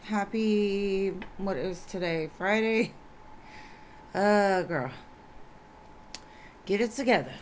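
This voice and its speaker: A woman with a slightly scratchy voice chats unhurriedly on a live stream as a tarot reader. She greets each viewer in turn in a relaxed, chatty way, with faint ambient noise behind her. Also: mid-range voice, very slow, pauses often. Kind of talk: casual live-stream chat.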